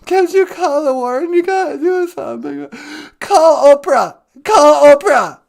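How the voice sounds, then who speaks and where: A man's voice: extremely high pitch, slow pace, voice pushed up, exaggerated voice. A man voicing a melodramatic, weepy jailed man who pleads and whines through tears. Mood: tearful pleading. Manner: sobbing, pleading, self-pitying.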